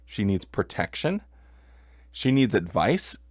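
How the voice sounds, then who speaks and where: A man's voice: on the low side, very animated, slow pace, darkish tone, no echo, studio quality. A man hosting a commentary show, reading quoted passages aloud and then arguing against them with heated emphasis. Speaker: podcast host. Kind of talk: commentary on religious texts.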